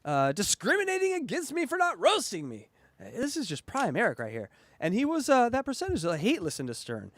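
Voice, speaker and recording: A man's voice: very high voice, wildly swooping pitch, fairly quick, dry recording. A male podcast host chatting and reacting, riffing and laughing often. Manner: giggly, riffing. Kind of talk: casual commentary chat.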